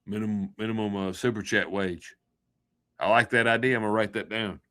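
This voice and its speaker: Rambling folksy man with a bright voice. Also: fairly low pitch, steady tone, brisk. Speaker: livestream host. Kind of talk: casual livestream sign-off chat.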